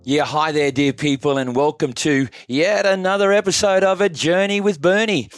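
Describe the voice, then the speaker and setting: A man's voice: on the high side, moderate pace, clean tone, dry recording, soft background music. A man hosting a casual podcast interview, chatty and prone to laughing and telling stories. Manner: chatty, laughs often, storytelling. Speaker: podcast host.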